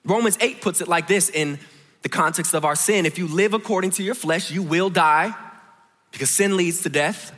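A man preaching a sermon in a large church, his voice high and bright. He tells his story by dropping to a hush and then rising to emphatic points. A long reverb from the hall trails after his words. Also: moderate pace. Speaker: pastor.

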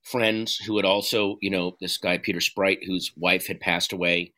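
Bright-voiced man talking earnestly. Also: deep voice. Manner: earnest, halting, profane, animated retelling. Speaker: guest. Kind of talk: candid conversational interview.

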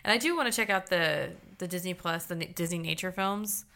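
Woman with a gravelly low voice, chatty. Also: a little fast, sharp tone. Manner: chatty, laughs easily, many fillers. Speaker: podcast co-host. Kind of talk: casual podcast chat.

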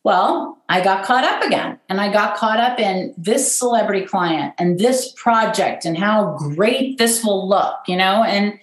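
A middle-aged woman, a guest who runs an event business, telling her story in a candid, self-deprecating and animated way. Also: medium pitch, a little slow, few pauses. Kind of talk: personal storytelling in conversation. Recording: roomy echo.

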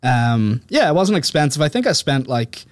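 A man's voice: mid-range voice, sing-song, normal speed, dry recording, clean studio sound. A man, an author guest on a podcast, telling his story in loose casual chat, filling his sentences with "like". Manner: rambling, heavy use of "like", laughs easily.

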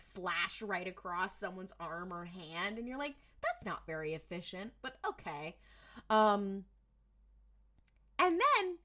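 Animated, bright-voiced woman recapping TV. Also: fairly high pitch. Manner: animated, swears freely, acts out quoted lines. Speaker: podcast co-host. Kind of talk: casual chat recapping a TV episode.

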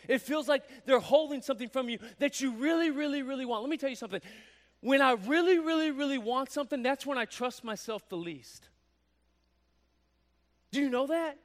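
Animated high-voiced male preacher. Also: fairly quick. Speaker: pastor. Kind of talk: sermon.

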